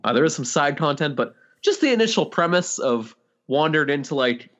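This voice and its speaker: A man on a podcast panel, talking about games in a relaxed, hesitant way with many fillers. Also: on the high side, brisk. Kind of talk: casual game discussion. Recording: dull lo-fi mic.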